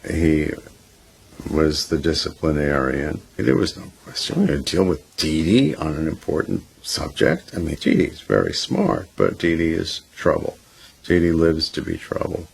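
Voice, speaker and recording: Gravelly, very deep-voiced man. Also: a little hiss or hum, low-quality recording. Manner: blunt, emphatic storytelling. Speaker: interviewee. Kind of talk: documentary interview.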